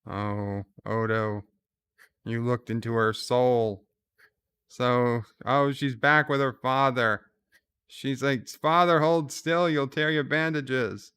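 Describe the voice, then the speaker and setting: Slow, smooth-voiced man recapping a show. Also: medium pitch, fairly bright tone. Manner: casual plot retelling with fillers and restarts. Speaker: channel host recapping an episode. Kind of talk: live reaction commentary, retelling scenes.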